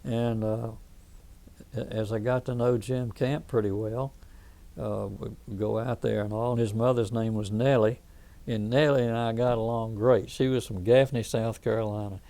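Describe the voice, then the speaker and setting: He's a veteran in his eighties, speaking with a Southern US accent and telling meandering stories for an oral history, frequently backing up to restart. The voice is lowish, creaky and dark, with a steady tone and moderate pace.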